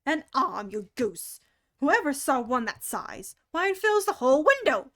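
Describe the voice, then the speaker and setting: A woman voicing an irritable, bossy male white rabbit who shouts and scolds in a storybook reading. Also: high-pitched, sing-song, unhurried, full character voice. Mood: angry.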